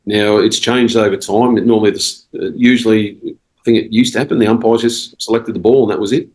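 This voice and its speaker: A man's voice: lowish voice, fairly even intonation, fairly quick, a little mellow, rough recording. An Australian man, a cricket coach and podcast guest, telling stories in a rambling casual way with quoted dialogue. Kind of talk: casual storytelling interview.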